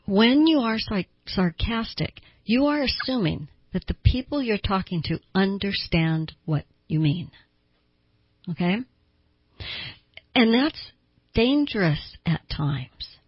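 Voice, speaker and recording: Chatty husky woman on talk radio. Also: medium pitch, dry recording, muffled recording. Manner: chatty, explanatory, acts out quotes with a raised voice. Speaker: radio talk host and counselor. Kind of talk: conversational talk radio monologue.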